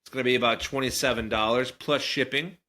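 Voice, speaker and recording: A man's voice: mid-range voice, steady tone, quick pace, sharp tone. A man co-hosting a podcast, chatting in a rambling, joking way. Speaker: podcast co-host. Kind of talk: casual chat.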